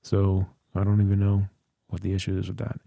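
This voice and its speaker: A tired livestream host rambles and thinks aloud in casual chat, his low, gravelly, dark voice coming through a close studio dynamic mic with no room sound. He talks a little fast with a completely flat delivery.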